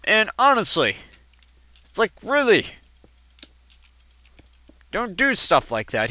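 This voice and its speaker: A man of twenty doing casual let's-play gameplay commentary, chatting and telling family stories in which he acts out quoted relatives with sudden jumps in pitch. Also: bright, forceful tone, clear, resonant tone, no room sound. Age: 20s.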